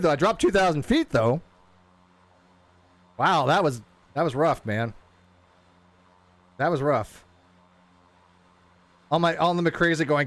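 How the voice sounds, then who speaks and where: Excitable man rambling over a flight sim. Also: on the high side, a little slow, long pauses, no echo. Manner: rambling, self-interrupting, excitable. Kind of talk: casual live gameplay commentary.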